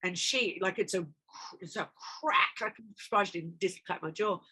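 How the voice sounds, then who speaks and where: Actress, bright-voiced, animated storyteller, for a casual interview. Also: female voice, on the low side, moderate pace, a little hiss or hum. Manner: animated, acts out dialogue in her anecdotes. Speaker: actress guest.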